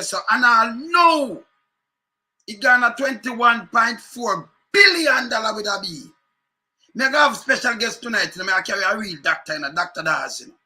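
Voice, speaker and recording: A man's voice: sits high, sharp tone. A Jamaican man delivering a heated, repetitive political rant in patois-laced speech. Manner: fiery, repetitive, sarcastic, mixes patois. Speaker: political commentator.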